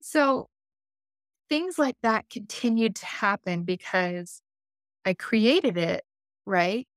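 Female life coach, interview guest, lively storyteller, mid-pitched, dry recording. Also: slow pace, dry recording. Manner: animated, acts out dialogue in her stories; frequent self-restarts and fillers.

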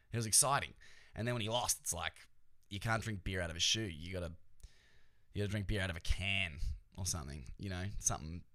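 A man's voice: lowish voice, fairly bright tone, no echo, clean studio sound. A man hosting a podcast, chatting casually about sports in a joking, profane, rambling way. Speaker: podcast host.

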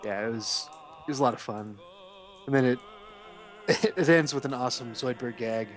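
A man's voice: medium pitch, normal speed, soft background music. A man co-hosting a podcast, chatting casually and joking about favorite cartoon episodes. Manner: animated, jokey, quotes cartoon lines. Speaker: podcast co-host. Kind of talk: casual chat.

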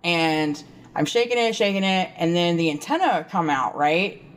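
A woman's voice: on the low side, animated, moderate pace. A woman co-hosting a podcast, telling a rambling, profane story in casual chat. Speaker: podcast co-host.

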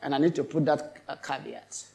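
A man's voice: on the high side, normal speed, creaky, dark tone. A male pastor preaching a sermon, emphatic and repetitive, often turning to question his congregation.

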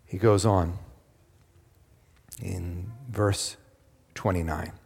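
A man's voice: low-pitched, steady tone, drawn-out words, creaky, darkish tone, slightly rough, faint music behind. A man preaching a sermon, engaging the congregation with questions and emphatic retellings. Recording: long hall reverb.

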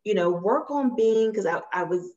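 Woman, casual podcast storyteller, lively, playful, lo-fi sound. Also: mid-range voice, moderate pace. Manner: animated, acts out quotes, laughs often. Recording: slightly dull lo-fi sound.

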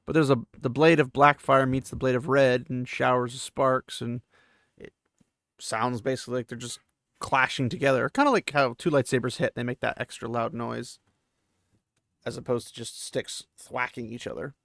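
A man's voice: mid-range voice, fairly even intonation, normal speed, vocal fry, a bit bright, no echo, clean studio sound. A man hosting a podcast, casually retelling a novel chapter in loose, chatty paraphrase with fillers. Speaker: podcast host.

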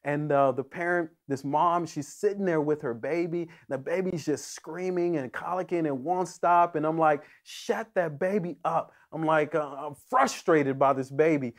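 Earnest pastor, man, slightly high voice. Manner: earnest, emphatic, with frequent restarts and repetitions. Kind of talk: sermon.

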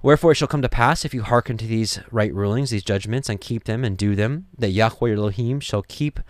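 A man's voice: fairly low pitch, a little fast, dry recording, clean studio sound. A man reading scripture aloud and explaining it in an earnest, conversational way, full of restarts and asides to the listener. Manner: earnest, conversational, many restarts and "you know". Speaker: Torah teacher. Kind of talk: scripture reading with sermon-like commentary.

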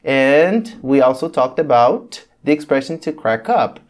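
An English teacher hosts a casual lesson, explaining patiently, checking in with "okay?" and pausing on many ums. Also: medium pitch, lively intonation, a little mellow. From Brazil. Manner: patient, repeats "okay?" often.

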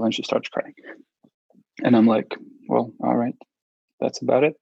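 A man with a gravelly, slightly husky voice, speaking haltingly with frequent restarts and fillers as he recounts a personal story in an interview. The sound is dull and lo-fi, with a dry, close feel. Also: medium pitch, flat delivery, a little mellow, no echo. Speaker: interview guest.

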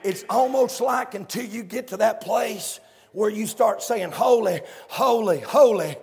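A male preacher, shouting and chanting a fiery revival sermon in a church, with calls to the congregation. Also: high-pitched, measured pace, vocal fry, husky. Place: church sanctuary. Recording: echoey sanctuary with long reverb.

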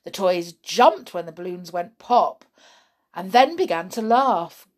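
A woman reading a children's story aloud in an expressive way. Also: fairly low pitch, measured pace.

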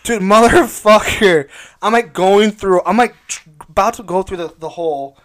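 A young man who is a guest in a casual gaming chat, telling excitable, sweary stories and saying "dude" a lot. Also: high-pitched, moderate pace.

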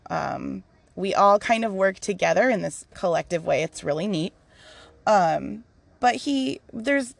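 A woman's voice: medium pitch, gravelly, no room sound. A woman hosting a podcast in a casual, candid monologue, laughing often as she shares. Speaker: podcast host.

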